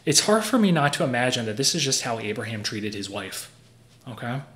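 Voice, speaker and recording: A man's voice: medium pitch, very animated, a little fast, a bit bright. A young man preaching a sermon in a conversational, earnest way, explaining with everyday examples. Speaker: pastor.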